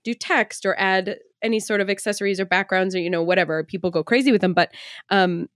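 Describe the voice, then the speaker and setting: A woman hosting a podcast interview, encouraging her guest with quick supportive responses. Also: mid-range voice, steady tone, no room sound, clean studio sound. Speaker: podcast host. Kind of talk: conversational interview.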